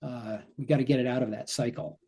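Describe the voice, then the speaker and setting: A man with a mellow, slightly husky voice explains things in conversation as a physician guest. He slips into quoted asides to voice what the brain might be saying. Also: mid-range voice, fairly even intonation, fast talker.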